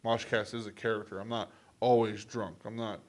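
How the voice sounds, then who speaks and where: A man's voice: on the low side, little pitch movement, brisk. A man with a Texan accent hosting a podcast in loose, profane, rambling chat. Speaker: podcast host. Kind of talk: casual chat.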